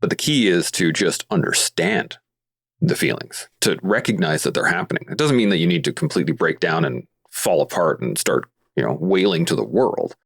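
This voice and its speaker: A man's voice: sits low, expressive, moderate pace, vocal fry, husky. A man from Canada, a guest on a podcast, talking earnestly and explaining his points through everyday analogies. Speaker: podcast guest, veteran advocate. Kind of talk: casual podcast conversation.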